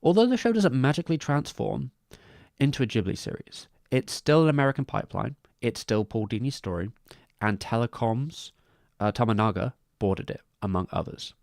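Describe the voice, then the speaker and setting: A man's voice: medium pitch, lively intonation, moderate pace, vocal fry, darkish tone, dry recording. Rambling man on a dry livestream. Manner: rambling, many restarts and asides. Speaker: streamer discussing animation credits. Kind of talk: casual livestream commentary.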